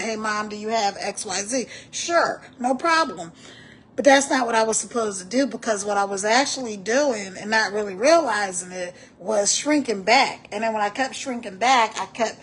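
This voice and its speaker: Middle-aged woman, fairly high voice, rambling motivational live-stream host, faint background noise. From born in New York, raised in Texas. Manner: rambling, repeats words, reads chat aloud.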